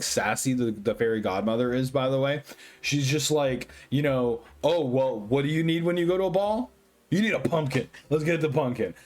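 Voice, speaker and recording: A tipsy man rambling excitedly through a profane movie review, full of fillers and swearing. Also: medium pitch. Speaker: host.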